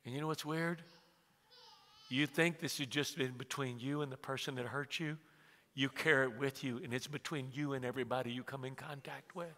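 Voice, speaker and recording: A pastor in his sixties preaches a sermon in a church sanctuary, telling humorous family stories and acting out conversations. His medium-pitched voice is steady, fairly quick, pushed and bright, and the recording has long hall reverb.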